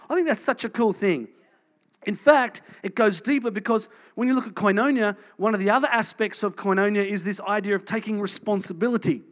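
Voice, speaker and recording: This high-pitched man in his thirties is preaching as a pastor. He sounds earnest and talks conversationally, swinging from forceful emphasis to quiet, intimate passages.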